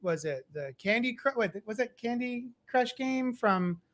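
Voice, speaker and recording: A man's voice: very high voice, animated, unhurried, crowd noise. A man in a casual chat, laid-back and teasing.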